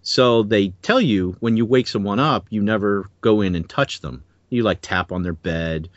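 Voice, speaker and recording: A man on a podcast, casually telling an animated story and acting out the voices in it. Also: on the low side, normal speed, no room sound, dull audio. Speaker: podcast co-host. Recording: music bed underneath.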